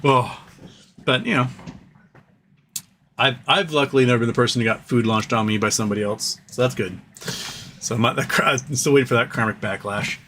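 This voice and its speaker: A man hosts a casual live stream from a room at home, rambling through stories with plenty of fillers and side tangents. His voice is bright and forward, and a faint hiss of noise sits behind it. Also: mid-range voice, a little fast, long pauses. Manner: rambling, animated storyteller with frequent fillers and asides.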